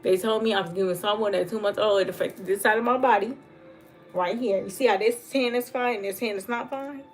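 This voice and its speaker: A woman talking fast and earnestly in a casual livestream monologue, repeating herself for emphasis. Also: mid-range voice, soft background music. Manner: fast talker. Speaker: livestream host.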